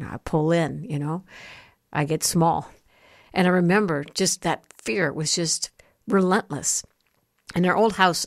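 A middle-aged woman speaks in a low, earnest voice, sharing her testimony like a short sermon. She slows down on the key phrases to let them land. The recording is dry, with no room sound. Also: creaky, dry recording. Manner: earnest, storytelling, slows for emphasis. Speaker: host and Christian speaker.

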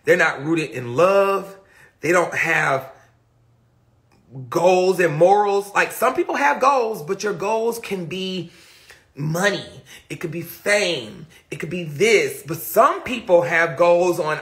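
Male livestreamer, profane and emphatic, talking into a phone. High pitch with fry. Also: expressive, slow, pushed and bright. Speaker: livestreamer answering viewer comments. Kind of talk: casual livestream chat.

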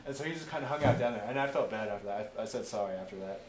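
A man's voice: fairly low pitch, very fast. A young man, a veteran, casually telling war stories, swearing often and acting out what people said. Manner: profane, animated, acts out quotes. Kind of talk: casual oral history storytelling. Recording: echoey room with faint noise.

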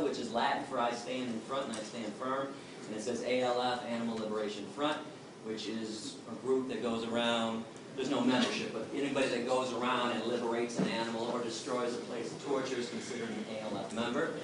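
A man speaks to an audience with forceful, emphatic conviction, his voice a little high for a man. He is picked up from far off in a very echoey lecture hall, with clear background noise. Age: 20s. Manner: forceful, emphatic, with acted-out quotes. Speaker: activist lecturer. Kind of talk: impassioned Q&A answer.

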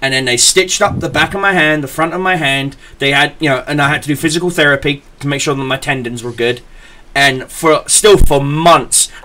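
A young man, a podcast host telling stories in casual chat, profane and animated, acting out the people he quotes. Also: a little high, a little fast.

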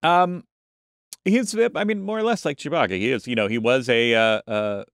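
Rambling through a casual conversation with plenty of restarts, a man co-hosts a podcast. His mid-range voice moves at normal speed, a bit bright and clean, in a clean studio recording with no echo.

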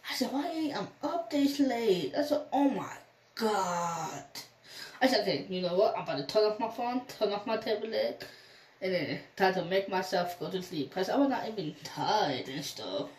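A woman's voice: medium pitch, animated, normal speed, a little mellow, slight background noise. A young woman vlogger telling a storytime in a rambling way, acting out the phone calls she quotes. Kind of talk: storytime vlog. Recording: echoey room, mic at a distance.

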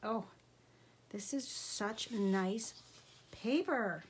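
A woman's voice: medium pitch, extremely slow, slight background noise. A middle-aged woman craft vlogger chatting casually while unboxing supplies, gushing and easily delighted.

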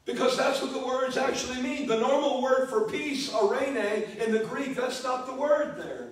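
A man's voice: very high voice, lively intonation, normal speed. A man preaching a sermon as pastor, speaking emphatically and repeating key words. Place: church sanctuary. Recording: echoey church, distant mic.

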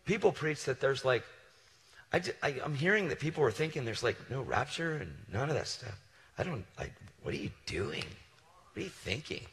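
Lively preacher man with a bright edge. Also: mid-range voice, normal speed, in a large hall. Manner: casual and animated, slangy asides. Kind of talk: storytelling sermon.

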